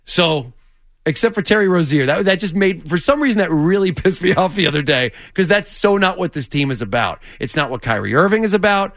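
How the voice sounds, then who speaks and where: A man's voice: high-pitched, expressive, fairly quick, fairly bright tone, dry recording, studio quality. A man co-hosting a sports radio show, chatting casually and laughing often between points. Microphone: studio microphone.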